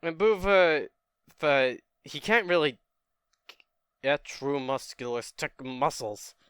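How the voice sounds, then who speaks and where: A man's voice: a little high, lively intonation, takes it slowly, a bit bright, clean tone, no echo, studio quality. A young man casually retelling a fan story, laid-back and chatty.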